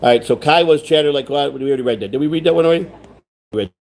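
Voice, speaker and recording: A man's voice: fairly high pitch, racing, vocal fry, a little mellow. A man hosting a rambling livestream chat, repeating himself, restarting sentences and reading viewer comments aloud. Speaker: livestream host.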